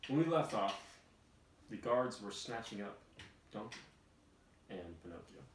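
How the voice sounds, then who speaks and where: A man hosting a comedy show, reading a storybook aloud in a mock-solemn, deadpan way with fake emotional asides. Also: on the low side, a little slow. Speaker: host. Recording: roomy, distant, noisy room.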